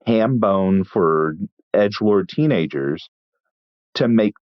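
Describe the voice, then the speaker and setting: Casting: low-pitched male chef from Texas, dry deadpan raconteur, muffled close podcast mic. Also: takes it slowly, no room sound. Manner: wry, deadpan storytelling with frequent restarts. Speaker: chef and guest. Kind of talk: casual interview storytelling.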